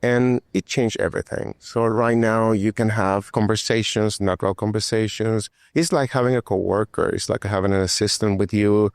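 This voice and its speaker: Gravelly man explaining tech. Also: lowish voice, fairly even intonation, normal speed, hardly any pauses, no room sound, studio quality. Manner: explanatory, repetitive phrasing. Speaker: guest technologist. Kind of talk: interview answers.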